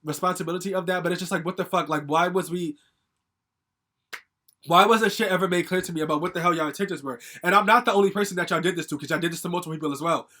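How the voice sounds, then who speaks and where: A young man rants through a personal story, quick and fired up. His voice sits high for a man, and he swears freely and fills his talk with likes and ums. It is casual storytime talk aimed straight at his viewers. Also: pushed and bright. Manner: angry, profane, ranting with many fillers. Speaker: vlogger telling a story.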